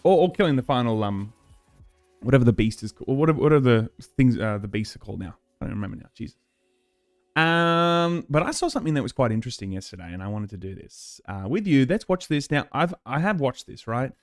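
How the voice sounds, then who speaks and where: Animated man reacting with laughs. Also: medium pitch, fast talker, no echo, studio quality, soft background music. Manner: animated, laughing, swearing, mock voices. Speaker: show host reacting to a game ad. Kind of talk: casual reaction commentary.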